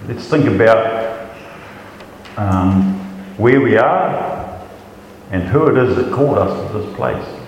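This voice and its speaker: A man gives a conversational sermon in a slightly low voice. He restarts often and repeats words. His voice carries with long, roomy reverb through a large hall. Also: animated, slow pace, long pauses, a little mellow, a little hiss or hum. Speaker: preacher.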